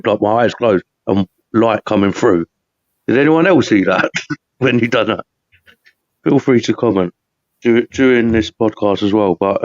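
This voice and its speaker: On a live podcast, a British host keeps up rambling, chatty talk broken by frequent laughter. His voice sits on the low side and is a little mellow, captured on a muffled recording with no echo.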